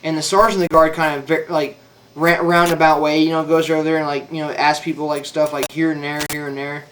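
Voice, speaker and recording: A man's voice: on the high side, flat delivery, a little fast, fairly bright tone, distant mic, a little hiss or hum. A young man casually telling a story about his service, rambling and swearing, with lots of "like" and "dude". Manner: rambling, profane, full of "like" and "dude". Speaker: former Marine telling a story.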